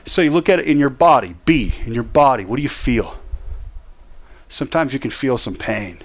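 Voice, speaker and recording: A man speaks as a counselor giving a motivational lesson. He talks straight to the listener in short, emphatic bursts, repeating commands for effect. His voice sits at a middling pitch but leaps and dips with animated, lively intonation. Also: normal speed. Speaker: counselor teaching depression management. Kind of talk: motivational teaching talk.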